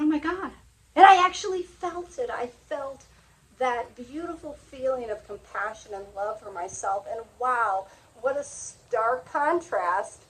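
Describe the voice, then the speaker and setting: A woman's voice: fairly high pitch, low-quality recording. A middle-aged woman hosting a motivational talk, speaking earnestly and sharing personal stories in a confiding way. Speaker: host.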